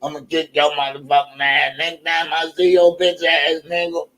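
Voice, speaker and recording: A man's voice: on the high side, flat delivery, moderate pace, fairly bright tone. A man imitating a threatening street tough who curses and growls out his threats. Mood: menacing. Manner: growling threats, heavy profanity.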